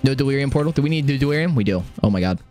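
A young man giving casual live gameplay commentary, excitable and swearing often, repeating phrases under pressure. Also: mid-range voice, rapid-fire, faint music behind. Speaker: gaming streamer.

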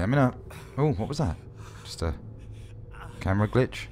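A man giving wry, sarcastic let's-play commentary while playing a horror game, swearing often and yelling when startled. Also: lowish voice, animated, normal speed, a little hiss or hum. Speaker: gaming video host.

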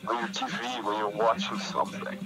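A man's voice: on the low side, monotone, a little fast. A man co-hosting a podcast over a phone call, bantering and swearing casually. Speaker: podcast co-host.

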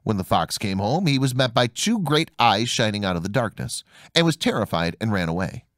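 A man narrating a fairy tale as an audiobook, reading with a very animated delivery and big pitch swings on the dialogue. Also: brisk, no room sound, studio quality. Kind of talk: storybook narration.

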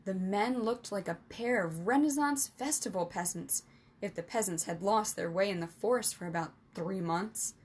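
A woman storyteller reading a children's adventure novel aloud in a steady, expressive narration. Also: medium pitch, moderate pace, breathy edge.

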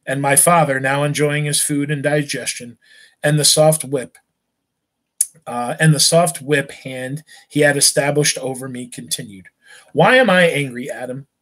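A man, a teacher, reading a novel aloud in a steady, unhurried way with small slips. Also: medium pitch.

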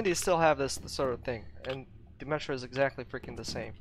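A man's voice: medium pitch, animated, moderate pace, pauses often, fairly bright tone, slight background noise. A man with Russian as his first language giving live commentary while playing a game, talking to himself, exclaiming and chuckling often. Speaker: let's play gamer.

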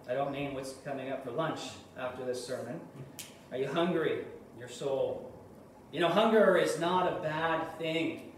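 Man, preacher, high voice, earnest sermon, hushed asides, distant mic, very echoey room. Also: a little hiss or hum. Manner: earnest preaching, swings between loud emphasis and hushed asides. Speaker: pastor.

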